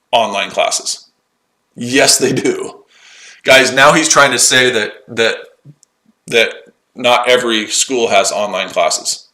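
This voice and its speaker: A day-trading host streams live from his shed, combative and sarcastic as he swears and mocks viewers with profane comebacks. His mid-range voice is bright and forceful, and the audio is poor.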